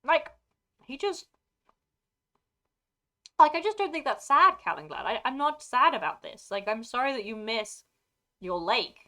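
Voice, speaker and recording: A woman's voice: a little high, animated, a little slow, pauses often, bright, forceful tone. A woman with an English received pronunciation accent chatting casually with live viewers, rambling and breaking off mid-sentence with frequent laughter. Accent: British, received pronunciation. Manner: scattered, rambling, self-interrupting, laughing often. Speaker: streamer.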